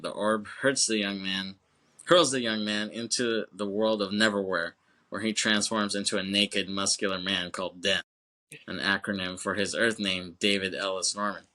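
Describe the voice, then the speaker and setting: Man, lowish bright voice, podcast co-host, rambling, swears, laughs a lot. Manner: loose, rambling retelling with fillers and acted quotes; swears freely and laughs often. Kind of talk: casual film recap chat.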